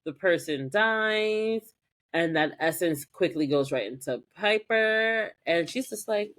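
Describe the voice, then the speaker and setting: Podcast co-host, woman, lower voice, casual animated recap delivery. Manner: animated, acts out characters' lines in quick voices. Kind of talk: casual chat recapping a TV episode.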